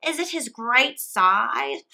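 A woman's voice: a little high, expressive, slow pace, vocal fry, pushed and bright, full character voice. A woman voicing a small proud male rat in a fable, boastful and dropping to a whisper.

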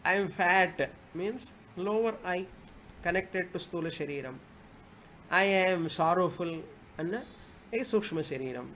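A female spiritual teacher gives a scripture lecture, explaining patiently and repeating Sanskrit verse phrases along the way. Her voice is lowish and a bit bright, her pace measured, with slight background noise.

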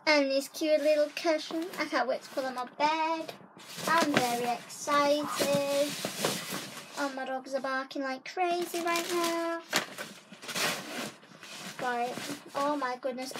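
Speaking slowly with long pauses, a young woman in her bedroom talks directly to viewers in a relaxed haul vlog. Her voice is high-pitched, and she gushes, chats, and says "guys" repeatedly over some background noise.

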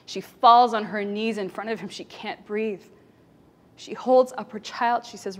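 A woman speaking to an audience from a stage, telling stories with strong feeling. Her voice sits at a middle pitch and swings from forceful to nearly whispered. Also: fairly even intonation, measured pace. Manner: dramatic, emotional, swings between loud and hushed. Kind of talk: storytelling talk on stage.

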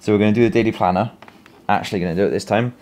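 Low-voiced man thinking aloud. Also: racing, darkish tone. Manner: thinking aloud, rambling with self-corrections. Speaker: vlogger. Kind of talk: casual vlog talk. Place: small home office cubby, indoors.

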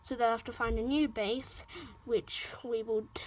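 A woman's voice: a little high, steady tone, moderate pace. A woman telling a casual toy-play story, rambling with fillers and restarts. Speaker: narrator of a toy show.

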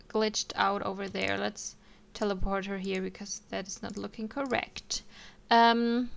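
A woman's voice: on the high side, vocal fry. A young woman casually commenting on her life-simulation game, chatting to her characters with frequent ums and little laughs. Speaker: let's play streamer.

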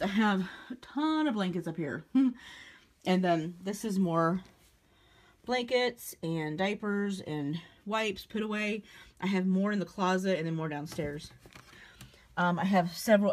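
A woman's voice: mid-range voice, slight background noise. A young woman, heavily pregnant and out of breath, chatting casually to a phone camera as she shows off a nursery, with lots of fillers and restarts. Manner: chatty, halting with many fillers. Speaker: vlogger. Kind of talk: casual vlog chat. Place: nursery at home, indoors. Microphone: phone held while walking.

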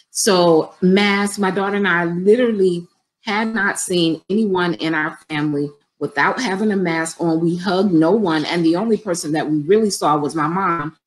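A woman's voice: on the low side, normal speed, low-quality recording. A middle-aged woman business coach talking conversationally and directly to her viewers on a live stream, with features.

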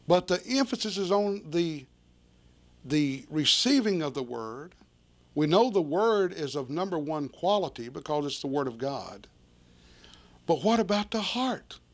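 A man preaching a sermon, reading scripture aloud and explaining it plainly to his listeners. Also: fairly high pitch. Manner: reads scripture in old-fashioned wording, then explains it plainly to listeners; addresses listeners directly as folks.

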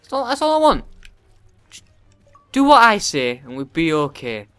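Male let's player, foul-mouthed and frustrated, highish animated voice. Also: moderate pace, clear, resonant tone, no echo, faint music behind. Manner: profane, yells at the game in frustration. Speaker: let's play gamer. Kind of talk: gameplay commentary.

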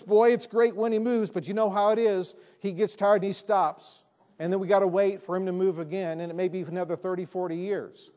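A man's voice: sits high, mellow. A male pastor preaching a sermon in a church, emphatic and repeating his key phrases. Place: church sanctuary.

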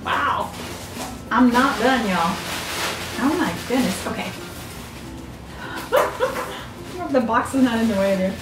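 Older lady vlogger, squealy high voice, gasps a lot, roomy echo, faint music under. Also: slow, long pauses. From Southern United States. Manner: gushing and excitable, gasping often. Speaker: vlogger opening fan mail. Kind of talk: casual chat to camera. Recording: echoey room, mic a bit far off.

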